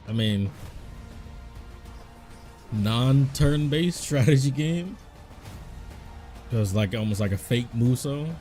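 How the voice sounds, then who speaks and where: A man hosting a casual reaction video, thinking out loud and guessing and second-guessing as he comments into a desk microphone. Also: medium pitch, expressive, slow pace, long pauses. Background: faint trailer music.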